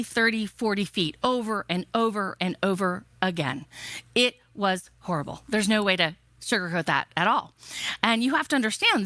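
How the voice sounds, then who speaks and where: A woman giving a motivational keynote speech, energetic and emphatic, firing off rhetorical questions. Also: medium pitch, no echo. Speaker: keynote speaker.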